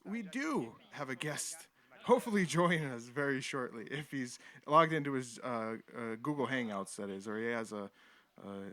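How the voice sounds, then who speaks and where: Hosting a live stream, this man reads chat aloud and riffs on old footage in a casual, irreverent, rambling way, with frequent chuckles. He speaks in a mid-range voice that's bright and forceful.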